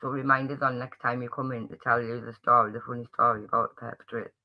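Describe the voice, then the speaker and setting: A man's voice: mid-range voice, level tone, fast, muffled recording. A man with a Geordie accent hosting a casual livestream chat, friendly and rambling, greeting viewers by name with frequent restarts. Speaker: livestream host.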